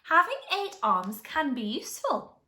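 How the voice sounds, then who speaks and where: Storybook mother octopus, playful and tickling, read by a woman, lively pitch, roomy. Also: measured pace, full character voice. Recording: echoey room.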